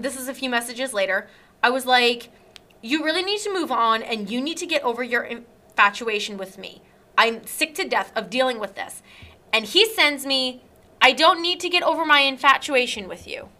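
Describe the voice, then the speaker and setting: A woman's voice: high voice, animated, normal speed, sharp tone. A young woman hosting a casual chat, telling an indignant story and acting out text messages.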